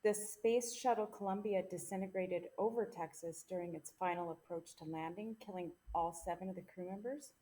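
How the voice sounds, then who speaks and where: A woman's voice: on the low side, brisk, few pauses, dark tone. Playful woman podcast host. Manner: playful, teasing, jokey. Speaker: podcast co-host presenting the case. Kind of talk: casual podcast chat. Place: small home podcast room.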